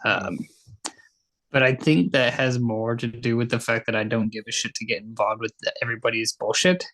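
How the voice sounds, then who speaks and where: A man's voice: mid-range voice, little pitch movement, moderate pace, fairly bright tone. A laid-back man co-hosts a casual podcast with a mid-range voice. He speaks sparingly and drily, keeping his remarks short. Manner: laid-back, dry, few words. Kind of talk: casual chat.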